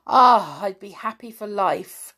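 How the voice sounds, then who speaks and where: A woman voicing an excited schoolboy who longs for an adventure, eager and hearty. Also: mid-range voice, takes it slowly, pitched above the performer's own voice, exaggerated voice.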